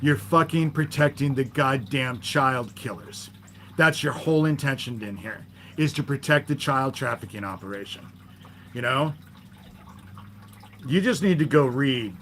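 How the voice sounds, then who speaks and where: A man's voice: medium pitch, expressive, a little slow, fairly bright tone, slight background noise. A man hosting a livestream, ranting in an irritated, profane, confrontational way, sarcastic toward commenters and often adding "you know?". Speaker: livestream host. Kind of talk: live-stream rant.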